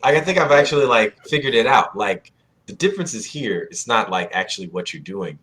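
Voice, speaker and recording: A man co-hosting a casual podcast chat, animated and laughing, acting out little scenes. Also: medium pitch, brisk. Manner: animated, acts out dialogue, laughs often. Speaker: podcast co-host.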